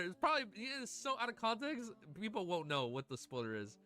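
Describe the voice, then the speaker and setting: A man streaming casually, chatting excitedly with his audience, swearing and gushing, at times near tears. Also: high voice, fast, soft background music. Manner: excitable, swears often, gushes and laughs. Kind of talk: casual livestream chat.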